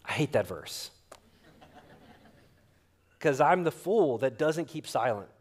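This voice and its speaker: Animated storytelling pastor, man. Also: medium pitch, slow pace. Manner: animated storyteller acting out quotes. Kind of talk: sermon with storytelling.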